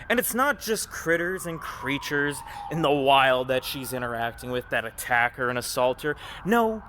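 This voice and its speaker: A man narrating a reaction commentary with a sarcastic, scornful edge. His voice sits a little high and comes across bright and forceful, with faint noise behind him. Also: rough recording.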